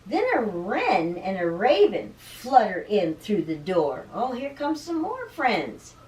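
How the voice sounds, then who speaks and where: A woman reading a picture book aloud to children as a teacher. She stops to explain words and sounds animated. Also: mid-range voice, slow pace. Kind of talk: read-aloud storytime. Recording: roomy room, distant mic.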